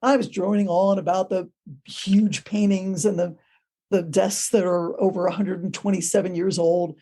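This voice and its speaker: A woman guest on a podcast, a ghost tour guide, telling stories in a casual, animated way. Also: lowish voice, normal speed. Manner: animated, acts out quoted voices. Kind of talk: casual storytelling.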